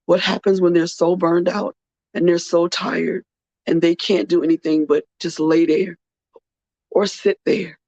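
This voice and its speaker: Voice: medium pitch, flat delivery, unhurried, a little mellow, no echo. A podcast host, tired and earnest, speaking in a personal heartfelt monologue and repeating phrases for weight. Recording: dull, muffled dry recording.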